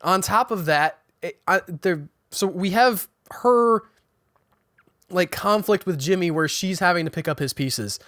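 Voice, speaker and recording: A man's voice: high-pitched, expressive, unhurried, fairly bright tone, no echo, studio quality. A man hosting a podcast, giving a casual spoken recap of a TV episode, chatting loosely and restarting sentences as he goes. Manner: chatty, restarts sentences, paraphrases characters' dialogue.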